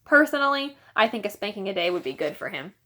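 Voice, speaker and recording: Brief: woman voicing a sardonic preteen boy, lively delivery. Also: mid-range voice, quick pace. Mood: teasing. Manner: dry, teasing. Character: wry older brother, about twelve.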